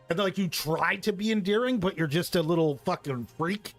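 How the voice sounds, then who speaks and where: A man chatting casually and excitedly about tabletop gaming, swearing, laughing and tossing in "bro" and "right". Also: on the high side, brisk, few pauses, soft background music.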